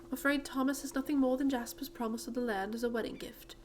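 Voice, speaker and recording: Woman doing a british-accented sweet chatty lady in a game, a bit high. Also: fairly even intonation, fast talker, slight background noise, natural voice, low-quality recording. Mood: kindly. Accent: put-on British. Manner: gentle and chatty. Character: kindly chatty woman accountant. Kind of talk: reading game dialogue aloud.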